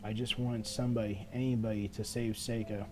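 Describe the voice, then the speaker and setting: A man's voice: fairly low pitch, flat delivery, a little fast, noisy background, close to an everyday voice. A man reading a game's first-person narration as a frightened teenage schoolgirl, earnest and desperate in tone. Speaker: let's player. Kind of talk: reading game text aloud.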